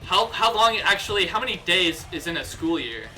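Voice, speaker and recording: A young man on a livestream, riled up and cursing as he rants, often stumbling and starting his sentences over. His voice is very bright and sits a bit high for a man, with soft guitar music playing underneath. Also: animated, brisk. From United States. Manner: heated, profane, ranting with restarts. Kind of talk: casual livestream rant.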